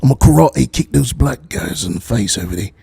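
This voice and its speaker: A man putting on a gruff British tough-guy voice in a mock Cockney accent, rude and threatening. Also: medium pitch, lively intonation, a little fast, warm tone, no room sound, clean studio sound, heavily acted. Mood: menacing.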